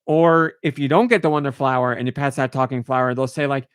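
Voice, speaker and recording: Gushing man on a podcast, crisp voice. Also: medium pitch, lively intonation, fast, hardly any pauses, no room sound, clean studio sound. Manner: gushing, enthusiastic. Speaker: podcast host. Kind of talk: casual podcast chat.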